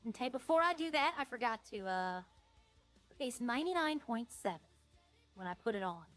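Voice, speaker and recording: A woman's voice: on the high side, expressive, a little fast, fairly bright tone, faint music behind. A woman streaming a roleplay game, chatting casually and rambling as she plays. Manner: rambling, chatty, trailing off and restarting. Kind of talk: casual streaming chat while playing.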